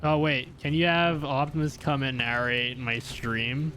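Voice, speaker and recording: A man's voice: medium pitch, level tone, a little slow, background noise. A young man chatting casually on a gaming live stream, rambling with lots of "like" and "um" and laughing often.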